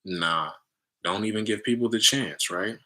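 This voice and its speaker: A man hosting a casual spiritual talk with his community, animated and preachy, often checking in with "right?" and "family.". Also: on the low side, a little slow. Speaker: livestream host talking to his community.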